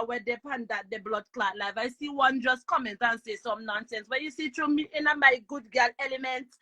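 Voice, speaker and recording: A woman's voice: high voice, sharp tone. A woman, calling in and talking boldly about herself. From London. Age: 20s. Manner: bold, boastful. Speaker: caller. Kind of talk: casual chat.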